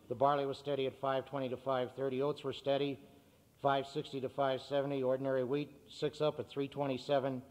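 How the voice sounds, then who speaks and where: A man's voice: mid-range voice, a little mellow. A man, a farm radio broadcaster, addressing a meeting and reading market prices in an upbeat manner. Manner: upbeat, reads figures briskly. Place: meeting hall. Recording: cassette with hall reverb.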